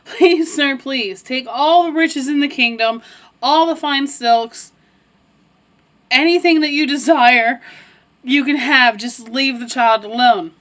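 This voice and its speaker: A young fairy-tale queen pleads earnestly, her voice lifting high, as a woman storyteller puts her on. The begging sounds heartfelt, like a storybook told aloud. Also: slow pace, a bit bright. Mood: pleading.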